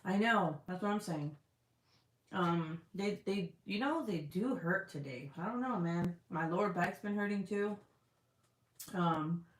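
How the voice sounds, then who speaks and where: A young woman with a slightly low voice chats on a live stream, rambling and cursing freely, trailing off into fillers and little laughs. Her voice bounces around a roomy, echoey space. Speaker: vlogger reading live chat. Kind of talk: casual live-stream chat. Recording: roomy echo.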